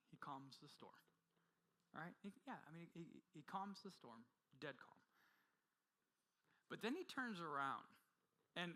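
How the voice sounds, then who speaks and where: A male pastor preaching a sermon with passion, swinging from loud urgency to hushed intensity and often restarting his phrases. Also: on the high side, low-quality recording. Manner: frequent repeated restarts. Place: church.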